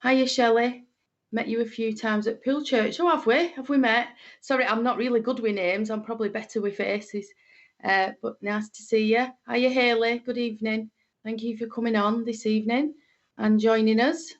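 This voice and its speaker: A woman's voice: fairly high pitch, steady tone, moderate pace, highs cut off. A middle-aged woman with a Lancashire accent, a medium greeting viewers on a livestream in a homely, chatty way with plenty of fillers. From Lancashire, England.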